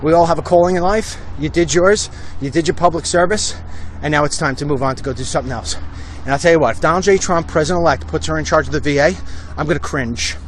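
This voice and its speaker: A man's voice: fairly high pitch, quick pace, few pauses, slight background noise. A man doing a heated, blunt political commentary on a walk-and-talk livestream outdoors, talking into a handheld phone. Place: outdoors on a street. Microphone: phone held while walking.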